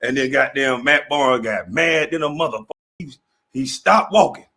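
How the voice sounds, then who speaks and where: A man's voice: mid-range voice, normal speed, bright, forceful tone. A man in his forties, a former basketball player, ranting in a mocking, profane way, laughing as he talks and acting out the people he quotes. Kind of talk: animated profane rant.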